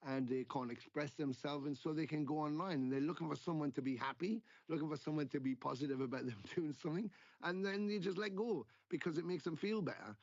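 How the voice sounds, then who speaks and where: A middle-aged man with a gravelly voice that sits a little high, telling stories in a casual interview. He acts out the people he quotes and swears freely. The sound is dry and dull, with no room around it. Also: fast talker, dry recording. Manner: animated storyteller, acting out quoted exchanges, swears freely. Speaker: guest musician.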